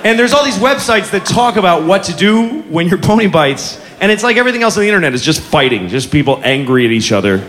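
A man performing stand-up comedy, animated and profane, breaking into quick shouts. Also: sits high. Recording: live club audience, noisy. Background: audience laughter.

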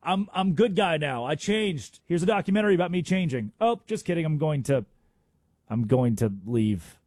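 A man's voice: a little high, expressive, moderate pace, darkish tone, no room sound, studio quality. A man mocking a flippant showboat coach. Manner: attention-seeking, flippant. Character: showboating male college football coach, fickle. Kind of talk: mocking impression on sports radio.

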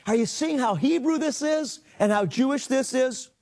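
A man's voice: very high voice, normal speed, a little mellow. A man teaching a sermon, reading scripture aloud and explaining it with earnest emphasis. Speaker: rabbi and Bible teacher.

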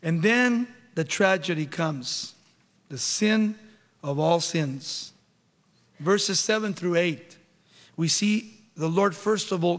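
A male pastor preaching a sermon, emphatic, with rhetorical questions and dramatic retelling, in a church hall. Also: sits high.

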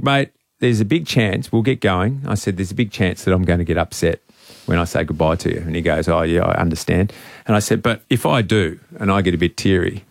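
A man hosting a radio show, telling a sentimental personal story in a rambling, halting way. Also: fairly low pitch, creaky, no echo, clean studio sound. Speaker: radio host. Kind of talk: casual storytelling on air.

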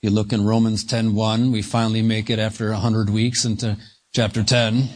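A man preaching an expository sermon, speaking deliberately and stretching key words for emphasis. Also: on the low side, level tone, a little mellow. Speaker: pastor.

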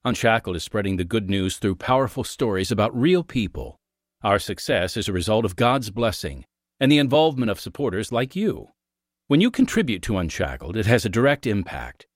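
A man's voice: on the low side, big pitch swings, brisk, no room sound, clean studio sound. A man reading an earnest, scripted donation appeal as a ministry announcer.

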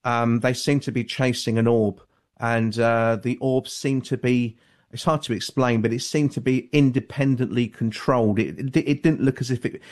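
Man, measured radio guest. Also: medium pitch, steady tone, darkish tone. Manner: measured, hedging, many fillers. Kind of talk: call-in radio interview.

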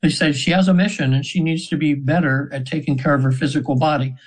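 Talking fast in a fairly high, steady, slightly rough voice, a man in his seventies shares a lengthy story as a guest on radio. He's a spiritual practitioner whose earnest, casual telling rambles with fillers and restarts, heard in a poor-quality radio interview recording.

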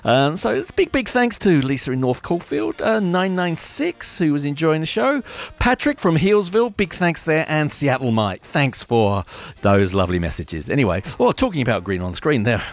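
Lively sing-song radio host. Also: male voice, a little high, normal speed. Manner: chatty and rambling, self-correcting, lively sing-song delivery. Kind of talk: live radio announcements and shout-outs.

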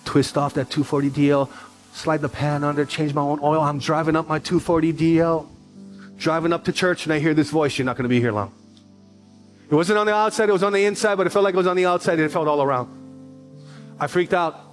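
Middle aged guy pastor preaching, kinda high voice, lively storytelling, soft music behind. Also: fast. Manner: animated storytelling, repeats phrases for emphasis. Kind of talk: sermon.

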